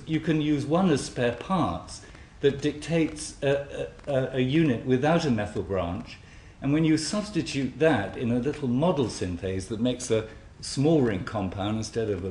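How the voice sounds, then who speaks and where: A man delivers an academic lecture at an ordinary, middle pitch. His speech stops and restarts often, with repeated small words and a dry wit. The talk is captured in an echoey hall with a faint background hum. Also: a little mellow. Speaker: scientist giving a symposium talk.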